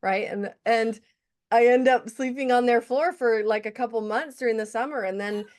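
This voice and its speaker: A woman hosting a podcast, telling stories in an enthusiastic, animated way. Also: a little high, normal speed. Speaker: podcast host. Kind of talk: casual interview talk.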